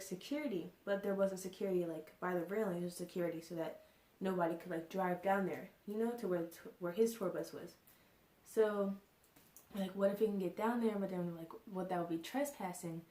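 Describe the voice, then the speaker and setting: A woman's voice: medium pitch, dark tone. A young woman vlogger telling a casual storytime, rambling and full of fillers like "like" and "you know". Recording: echoey room.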